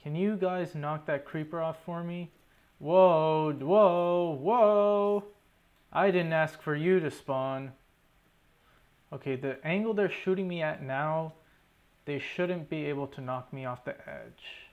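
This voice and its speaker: A man's voice: fairly high pitch, steady tone, a little slow, highs cut off. A young man giving running commentary over his own gameplay, swearing often and talking to himself in exasperation. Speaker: gaming YouTuber.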